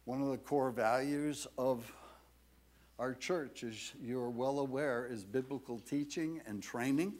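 A man preaching a sermon to his church in a measured, deliberate way. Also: mid-range voice. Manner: slow, measured preaching with lively rises and falls. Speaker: pastor.

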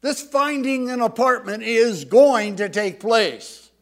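A man preaching a sermon with emphatic delivery, rising loud when reading scripture aloud, with some halting restarts. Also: extremely high pitch, expressive. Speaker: pastor.

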